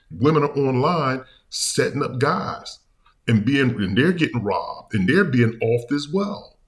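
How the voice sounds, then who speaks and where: A man hosts a reaction commentary in his own ordinary voice, pitched mid-range. He rambles and halts as he talks, restarting sentences and leaning on fillers. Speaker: commentary channel host.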